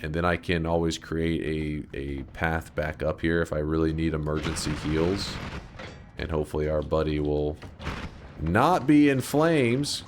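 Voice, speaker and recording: A man streaming a game, telling stories in casual, profane chat and yelling excitedly at the action. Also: rumbling low, moderate pace, noisy background. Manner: profane, chatty storyteller who breaks into loud excited yells at the game. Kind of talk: casual gaming commentary.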